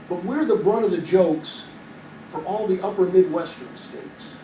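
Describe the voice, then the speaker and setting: Man, 50s, from Iowa, stand-up comic on a cruise ship, high voice, chatty crowd-work storyteller, echoey far-off room sound. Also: measured pace, mellow. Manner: chatty storyteller, quizzes the audience, builds to punchlines. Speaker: stand-up comedian. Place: entertainment venue on a cruise ship. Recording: echoey room heard from a distance with ambient noise.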